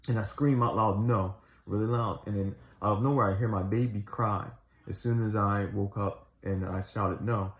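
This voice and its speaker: A man's voice: fairly low pitch, fairly even intonation, normal speed. A man casually telling a personal faith story, rambling with restarts and earnest retellings. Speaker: Christian storyteller. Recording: echoey room, slightly dull sound.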